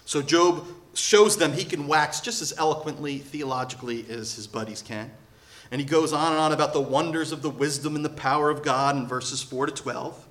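A male pastor delivering a sermon, lively and sarcastic, acting out the people he quotes. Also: a little high, normal speed. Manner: animated, sarcastic asides, acts out quoted voices.

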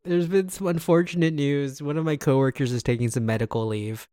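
A man's voice: on the high side, steady tone, fairly quick, dark tone, no room sound, studio quality. A young man in a casual podcast chat, joking and laughing often. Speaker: podcast co-host.

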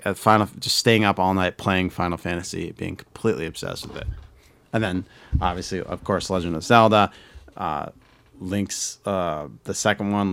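A man chatting casually on a podcast, his speech rambling, profane and full of fillers and restarts. His voice sits on the low side. The sound is dry and close, with no room around him. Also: vocal fry, dry recording. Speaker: podcast co-host. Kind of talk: casual nostalgic chat.

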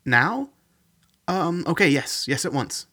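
A man's voice: medium pitch, expressive, moderate pace, close to an everyday voice. A man voicing a stern woman doctor under pressure, speaking urgently and curtly. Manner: urgent and curt.

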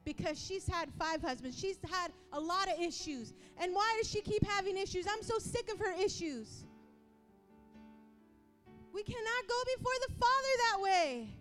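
Woman preacher, very high voice, impassioned sermon, acts out voices, soft music behind. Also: animated, normal speed. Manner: impassioned, rising to yelling.

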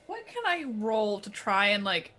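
A woman playing a tabletop game, asking eager, quick questions. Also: mid-range voice, big pitch swings, sharp tone. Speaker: player. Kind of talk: casual tabletop game play.

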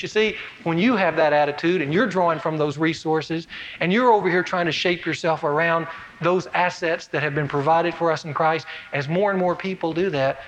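A male pastor preaching a sermon in a conversational way, asking rhetorical questions and swinging between raised and lowered emphasis. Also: moderate pace, fairly bright tone, muffled recording, a little hiss or hum.

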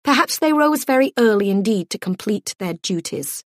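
A woman narrating an audiobook in a measured, gently expressive storytelling voice. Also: medium pitch, no echo, clean studio sound.

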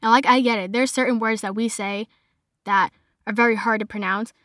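A woman's voice: fairly high pitch, fairly even intonation, fairly quick, a bit bright, dry recording, studio quality. Chatty young woman with a Boston accent. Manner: chatty, heavy use of "like" fillers. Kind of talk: casual chat monologue.

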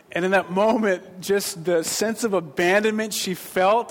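A man's voice: high-pitched, normal speed, hardly any pauses, a little hiss or hum. A man in his thirties preaching, telling a rambling personal story with self-deprecating jokes and lots of restarts. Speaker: pastor. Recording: long reverb of a hall.

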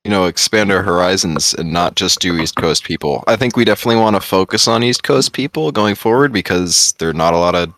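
A man, co-hosting a podcast and telling stories in casual chat, excitable and swearing freely. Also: low voice, a little fast, hardly any pauses. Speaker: podcast co-host.

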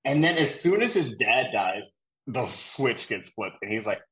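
A man's voice: mid-range voice, big pitch swings, measured pace, a bit bright, slightly rough, rough recording. A man co-hosting a casual movie review podcast, laughing often and imitating actors' lines. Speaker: podcast co-host.

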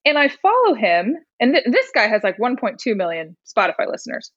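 On a muffled recording with no room sound, a young woman from Indiana in her twenties speaks fairly quickly in a fairly high pitch. A songwriter and rapper guesting on a podcast, she tells an animated story, acting out quoted voices and laughing frequently.

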